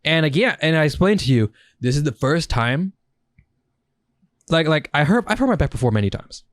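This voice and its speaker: Animated young man telling stories. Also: a little high, moderate pace, no room sound. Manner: animated, swearing storyteller. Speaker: podcast co-host. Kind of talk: casual chat.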